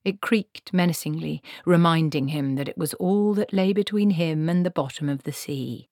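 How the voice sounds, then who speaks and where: Low-voiced woman narrating a fantasy story. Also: normal speed, a little mellow, no room sound, studio quality. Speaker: audiobook narrator.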